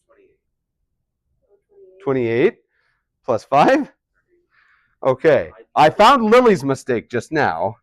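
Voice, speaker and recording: A man's voice: medium pitch, huge pitch swings, extremely slow, pauses often, dry recording. A man teaching a math class, chatty and full of questions to his students. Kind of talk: classroom lesson.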